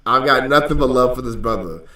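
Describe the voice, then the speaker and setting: A man hosting a trading show, joking and teasing in a lively, animated way, repeating himself as he talks. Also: medium pitch, a little fast, echoey room, distant mic. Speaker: host of a stock trading show. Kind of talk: casual joking livestream banter.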